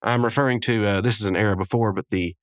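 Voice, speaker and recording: A man's voice: on the low side, fairly even intonation, quick pace, clear, resonant tone, no room sound, clean studio sound. A man hosting a podcast, recapping an episode in a rambling, chuckling way with many asides. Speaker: podcast host.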